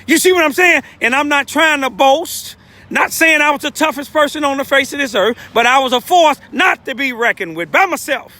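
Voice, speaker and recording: A man's voice: extremely high pitch, lively intonation, fairly quick, sharp tone. An older man giving an informal, emotional street testimony as a self-styled lay preacher, rambling with repeated asides. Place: outdoors in the cold, urban street.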